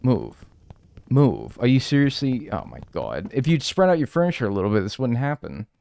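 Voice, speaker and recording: This man talks fast in a medium-pitched, creaky voice while streaming a game live. His loose commentary bounces between chat replies, and he comes across animated and rambling, with plenty of swearing and "like."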